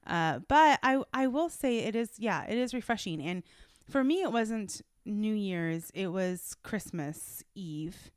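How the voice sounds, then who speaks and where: A woman in her thirties co-hosting a podcast, chatting casually and telling animated stories with frequent laughter. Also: medium pitch, takes it slowly, smooth, no room sound, studio quality. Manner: laughs often, animated storytelling. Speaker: podcast co-host. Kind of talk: casual chat.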